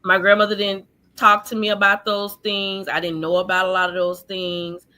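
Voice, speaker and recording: Bright-voiced woman telling her story. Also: medium pitch, flat delivery. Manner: earnest, halting, full of "like" and "you know". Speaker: guest sharing her life story. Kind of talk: personal testimony in an interview. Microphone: video call.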